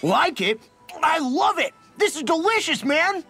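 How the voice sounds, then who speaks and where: A cocky young brawler in a game, kinda husky, voice jumps around. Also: male voice, high-pitched, big pitch swings, normal speed, fairly bright tone, soft background music, full character voice. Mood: excited. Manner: cocky, blunt. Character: brash, cocky young male fighter. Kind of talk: video game voice acting.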